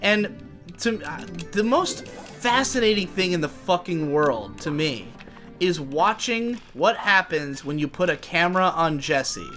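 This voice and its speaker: A man's voice: high-pitched, big pitch swings, a little slow, bright, forceful tone, soft background music. A young man co-hosting a podcast, chatting casually while playing a game and thinking aloud with many restarts. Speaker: podcast co-host. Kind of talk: casual chat while gaming.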